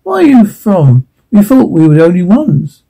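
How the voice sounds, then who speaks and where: A man voicing an anxious middle-aged mother in a radio play reading, with a husky voice. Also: high voice, very animated, normal speed, warm tone, exaggerated voice, low-quality recording. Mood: flustered. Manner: anxious, stammering.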